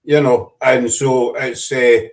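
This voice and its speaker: A man's voice: mid-range voice, steady tone, far from the mic. Rambling Scottish man, set back from the mic. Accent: Scottish, West of Scotland. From Glasgow, Scotland. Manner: rambling, halting, teasing. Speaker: host. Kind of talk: casual live chat show.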